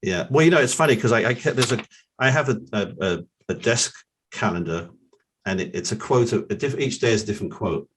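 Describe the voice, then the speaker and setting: A middle-aged man with a London accent, a guest who tells long stories in a relaxed way and often repeats his opening words. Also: on the low side, a little fast, slight background noise. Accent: London English. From England. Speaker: guest, forensic accountant. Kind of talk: relaxed storytelling.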